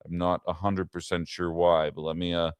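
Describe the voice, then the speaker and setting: A man's voice: deep voice, flat delivery, moderate pace, clean tone, no echo. A man hosting a casual political livestream, talking in a rambling way with fillers and asides to his chat. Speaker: livestream political show host.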